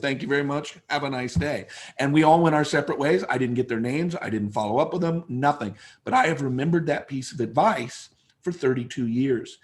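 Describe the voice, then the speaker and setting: A man's voice: mid-range voice, a little mellow. A man in his fifties, a guest speaker telling a story in an interview, emphatic and repeating phrases for effect. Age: 50s.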